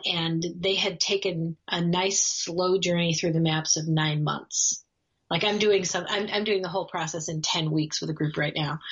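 A woman with a slightly low, husky voice tells a story in a relaxed, conversational way. She speaks earnestly, laughs lightly and often restarts her phrases. The audio is a bit dull and lo-fi. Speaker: guest, course facilitator.

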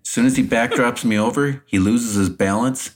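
A man co-hosting a podcast, telling a backstage anecdote in a casual, animated way and laughing often. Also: mid-range voice, normal speed. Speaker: podcast co-host, retired wrestler. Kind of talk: casual storytelling.

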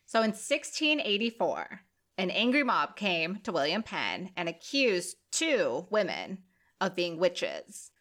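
A woman's voice: fairly low pitch, big pitch swings, takes it slowly, fairly bright tone. Profane, joking woman host. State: sick with covid. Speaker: podcast co-host. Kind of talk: casual storytelling chat.

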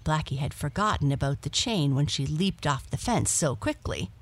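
A woman gently reading a children's bedtime story aloud as the storyteller. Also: sits low, animated. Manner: gentle and measured.

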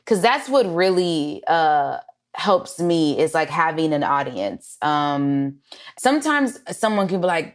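A low-voiced woman from Los Angeles, a comedian and writer appearing as a guest, tells stories slowly in a casual interview. She's an animated storyteller who swears freely and acts out the quotes.

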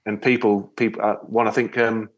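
A man, a guest telling stories in a casual interview chat, full of lively re-enactments. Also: fairly low pitch, a little fast. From Yorkshire, England. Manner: storytelling, lively, animated re-enactments. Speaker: guest, ocean rower.

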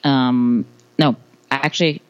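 A woman's voice: extremely low pitch, steady tone, slow, a little mellow, smooth, no room sound, muffled recording. A woman in her thirties talks about her kids as a podcast guest. She laughs easily and often restarts her sentences. Her voice is recorded close and dry, with no room sound. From United States. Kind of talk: casual interview answers.

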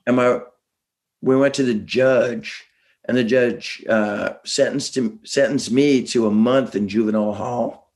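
A middle-aged man chatting as a guest, animated and laughing, slipping into quick voices as he tells stories. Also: medium pitch. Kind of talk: casual chat, storytelling.

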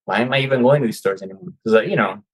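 A man's voice: on the low side, rapid-fire, breathy edge, low-quality recording. A man who is a guest coach on an interview show, speaking in casual chat and acting out his own quoted reactions. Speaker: guest, seller turned coach.

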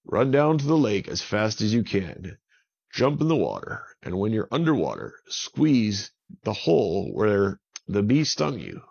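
A man voicing a wise male volcano spirit who explains a cure in a slow, calm, instructive way. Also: fairly low pitch, vocal fry, husky, heavily acted. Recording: dull lo-fi recording.

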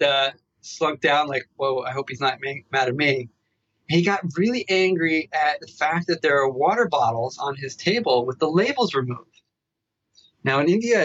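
A man telling a story as a meditation researcher guest in a podcast interview. He talks in an animated way and keeps tagging his asides with "right?". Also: fairly high pitch, no room sound, dull audio.

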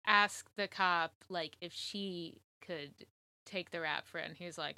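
Co-host, woman: bright, animated chatter with frequent laughs and casual swearing, dry close mic. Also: fairly low pitch, a little slow, dry recording. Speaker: podcast co-host. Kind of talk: casual true-crime chat.

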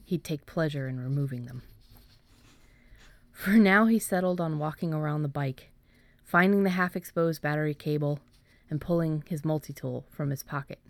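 A woman, an author, reading her own story aloud in a measured way and then chatting about it with hesitant fillers. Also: deep voice, no room sound. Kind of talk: storybook narration, then casual chat.

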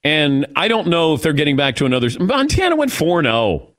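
Lively-voiced male sports radio host. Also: fairly high pitch, brisk. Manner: laughs often, argues back and forth.

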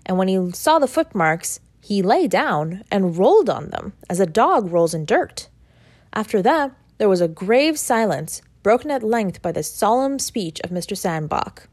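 Woman narrator, lively pitch, dry close sound, measured literary reading. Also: slightly rough, no echo. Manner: measured first-person storytelling. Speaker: audiobook reader. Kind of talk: scripted narration of a classic short story.

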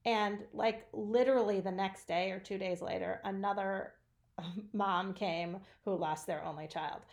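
A woman's voice: mid-range voice, unhurried. A middle-aged woman hosting a candid conversation about grief, frank and wry as she tells stories. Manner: frank, wry, animated storytelling. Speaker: podcast host.

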